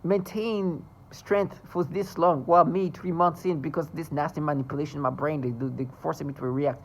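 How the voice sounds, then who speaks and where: A vlogger talking straight to camera in a raw, agitated monologue, with middle-pitched speech. The talk swings between loud outbursts and low mutters, full of swearing. Faint noise sits underneath. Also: fairly even intonation, moderate pace, hardly any pauses, poor audio.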